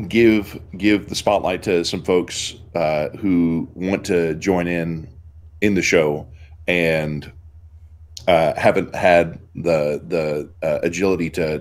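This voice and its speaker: A man's voice: low-pitched, a little mellow. A man co-hosting a casual podcast, talking in long rambling runs with many fillers. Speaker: podcast co-host. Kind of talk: casual chat. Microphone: home podcast mic.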